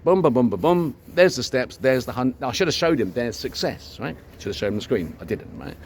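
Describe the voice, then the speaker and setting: A man's voice: medium pitch, brisk. Older guy rambling thru a story, lots of swearing, faint hum behind. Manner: rambling, animated, swears freely, acts out dialogue. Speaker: vlogger. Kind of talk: casual storytelling to camera.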